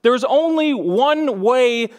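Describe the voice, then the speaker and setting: High-voiced fervent young man preaching. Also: expressive, slow pace. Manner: earnest, rising to fervent emphasis. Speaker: pastor. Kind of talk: sermon.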